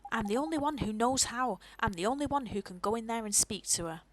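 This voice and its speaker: An earnest, gentle young boy hero from a video game, as a woman voices him, speaking softly and sincerely. His voice sits fairly high. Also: expressive, fast, slight background noise, close to an everyday voice. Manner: earnest and soft-spoken.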